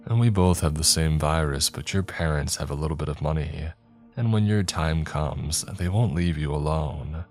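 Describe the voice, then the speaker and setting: Brief: male narrator as a sick teenage boy, low, theatrical. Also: normal speed, darkish tone, soft background music. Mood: bitter. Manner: theatrical, then cold. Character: frail sick teenage boy, joking then bitter.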